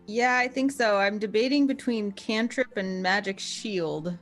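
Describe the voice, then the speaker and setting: A woman's voice: medium pitch, unhurried, faint music behind. A woman playing a tabletop game, thinking aloud and reading rules out in a casual way. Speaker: player.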